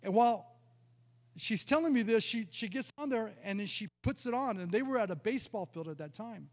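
A man's voice: sits high, expressive, a little fast, in a large hall. A male pastor preaching a sermon, telling a personal testimony in a storytelling way, often stumbling and repeating words. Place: church sanctuary.

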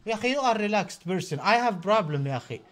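A man's voice: high-pitched, expressive, fast talker, fairly bright tone. A man filming a noise dispute in shared housing at night, repeating himself as he pleads and complains. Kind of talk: handheld argument and complaint vlog.

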